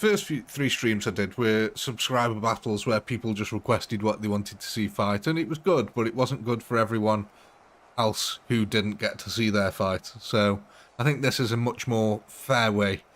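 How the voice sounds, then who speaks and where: Man, game streamer, casual live chat, low-ish voice, frequent chuckles. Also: moderate pace. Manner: chatty, chuckles often. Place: home at night.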